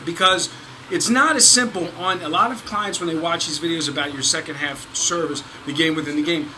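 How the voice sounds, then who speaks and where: A man's voice: a little high, a little fast, bright, forceful tone, slight background noise. A man hosting a sports betting show, chatting animatedly and teasing his co-host. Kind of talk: casual sports betting chat. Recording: crowd chatter in the background.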